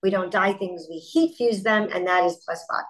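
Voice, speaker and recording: A middle-aged woman, a company founder, speaking as a guest in an interview and telling stories in an animated way with quick asides. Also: mid-range voice, poor audio. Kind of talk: interview conversation.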